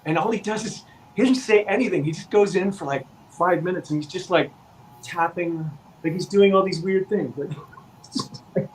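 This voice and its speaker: A man's voice: high-pitched, a little hiss or hum, rough recording. A man, an actor guest on a podcast, telling a long anecdote in casual chat and acting out the quoted lines. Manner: animated anecdote teller, acts out quoted dialogue. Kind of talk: casual storytelling.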